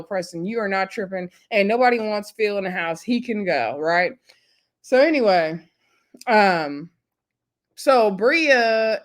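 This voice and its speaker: A woman recapping a reality show episode in casual, opinionated, gossipy chat, retelling scenes with quoted lines. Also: medium pitch.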